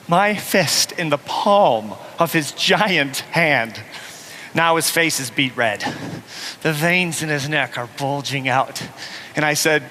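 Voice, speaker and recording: A man giving a motivational keynote, telling a story with lively acted-out voices. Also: on the high side, a little hiss or hum. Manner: animated, acts out the voices in his story. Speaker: motivational speaker. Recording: echoey hall with faint ambience.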